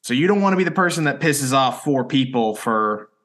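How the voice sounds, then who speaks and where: A young man co-hosting a podcast, trading joking, deadpan jabs in casual chat. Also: medium pitch, a little fast. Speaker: podcast co-host.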